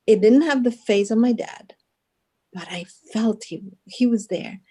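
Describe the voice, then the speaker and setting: A woman's voice: a little high, a little slow, mellow, breathy edge. A woman from Guatemala, a guest telling a personal story in a casual interview, earnest and often laughing, with many restarts.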